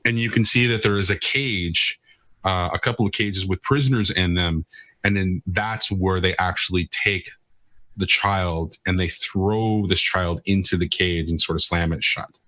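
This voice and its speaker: A man narrating as game master for a tabletop game, halting, with many fillers and restarts. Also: deep voice, steady tone, pushed and bright, no echo.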